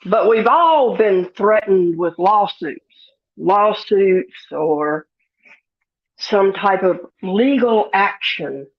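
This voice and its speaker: A woman's voice: medium pitch, animated, drawn-out words, lo-fi sound. A woman hosting a casual livestream, greeting chatters in a folksy, giggly drawl and sounding a bit sniffly. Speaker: livestream host. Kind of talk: casual live chat reading comments.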